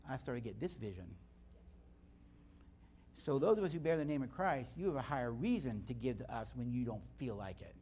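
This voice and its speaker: An older man preaching a sermon in a church, telling stories with lively energy. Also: medium pitch, fairly quick, a little hiss or hum. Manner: storytelling, animated. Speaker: guest speaker.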